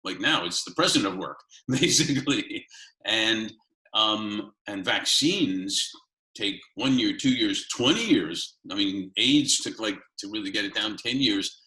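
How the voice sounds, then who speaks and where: A man with a bright, forward voice that still sits fairly low asks long, winding interview questions. He often restarts a phrase and slips in a small laugh before finishing a thought. The recording sits in a roomy, echoey space. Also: expressive, a little slow.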